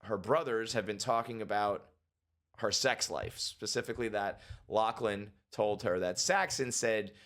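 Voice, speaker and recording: A man giving a casual reaction and breakdown of a TV episode, animated and swearing freely, acting out characters' lines in quick voices. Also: fairly low pitch. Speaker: TV show reviewer.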